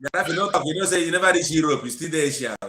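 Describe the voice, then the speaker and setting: A man's voice: on the high side, rapid-fire, sharp tone. A jovial man with a Nigerian accent moderating an online group chat in Pidgin English, often laughing.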